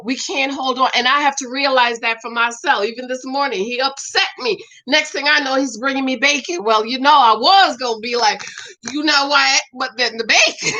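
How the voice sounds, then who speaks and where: Bright, high-voiced woman chatting with viewers. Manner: animated, laughs often, talks straight to her viewers. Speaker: show recap host reading viewer comments. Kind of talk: casual chat.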